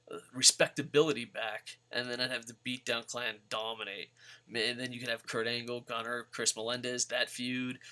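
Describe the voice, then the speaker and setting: A man's voice: mid-range voice, sharp tone. Blunt, profane man ranting. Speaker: wrestling vlogger. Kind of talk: casual profane rant.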